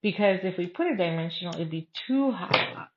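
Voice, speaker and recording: A woman's voice: lowish voice, animated, a little fast, muffled recording, heavy background noise. Chatty woman demonstrating a craft. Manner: chatty, thinks aloud while working. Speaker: craft class host. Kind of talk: casual step-by-step craft demo.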